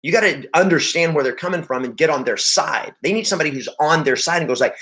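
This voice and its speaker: A man's voice: fairly high pitch, quick pace, few pauses, a bit bright. A man coaching real estate agents, emphatic and repeating his points, acting out the talk with clients. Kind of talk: motivational sales training talk.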